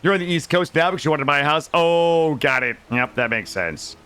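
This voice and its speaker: A man's voice: fairly high pitch, lively intonation, fairly quick, pushed and bright, clean tone. A man from Vermont chatting casually with his live-stream chat while he plays, joking and swearing freely. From Vermont, USA. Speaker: gaming streamer.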